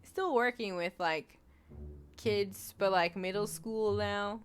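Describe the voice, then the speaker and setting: A woman in her twenties with a mid-range voice takes it slowly as she streams a game and reads chat, with slight background noise and faint game music. Her casual let's-play talk is giggly, rambling, and filler-heavy.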